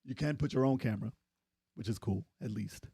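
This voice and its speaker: A man's voice: fairly low pitch, fairly quick, gravelly, mellow, breathy edge, dry recording. A man co-hosting a casual gaming podcast, opinionated and sarcastic, often laughing. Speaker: podcast co-host.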